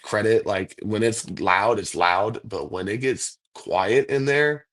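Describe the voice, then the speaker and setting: A man's voice: fairly low pitch, takes it slowly, a bit bright. A man, a professional football kicker, talking casually as the guest in an interview, rambling through stories with lots of "like" and "dude". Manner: laid-back, rambling storyteller, says "like" and "dude" a lot.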